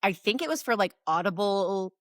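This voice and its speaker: A woman on a podcast as a guest author, her pitch in an ordinary middle range. She tells stories in an animated way and swears casually. The sound is dry and close. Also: moderate pace, dry recording.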